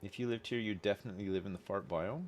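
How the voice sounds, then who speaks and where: A man streaming a game live, chatting casually and thinking aloud, with frequent fillers and quick excited reactions. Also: on the low side, a little hiss or hum. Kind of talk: casual gameplay commentary.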